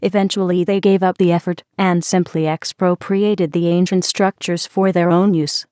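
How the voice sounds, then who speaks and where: A talkative woman from the next table explains things at length in a steady, lecturing way, and her voice sits low. A woman reads her part. It sounds dry and close. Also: normal speed, clear, resonant tone, no room sound, natural voice. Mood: explaining.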